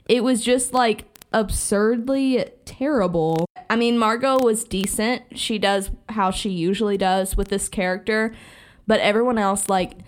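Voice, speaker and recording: Woman podcast co-host, mid-pitched, reflective film talk, casual. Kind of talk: casual chat.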